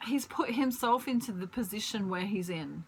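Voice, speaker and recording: A woman giving a casual tarot reading at home, chatty and rambling, pausing to search for words and laughing often. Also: medium pitch, lively intonation, slight background noise, low-quality recording. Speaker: tarot reader. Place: at home, pet bird nearby.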